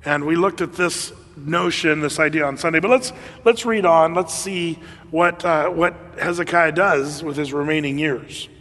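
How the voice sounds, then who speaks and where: A man preaching a sermon in a conversational, animated way, with laughs and fillers. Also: fairly high pitch, normal speed, long reverb tail. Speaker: pastor.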